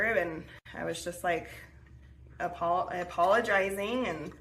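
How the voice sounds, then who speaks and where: A woman's voice: on the low side, a little slow, a bit bright, slight background noise. Chatty young woman telling a story. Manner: chatty, filler-heavy with many restarts and 'like'. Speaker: podcast host. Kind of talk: casual storytelling.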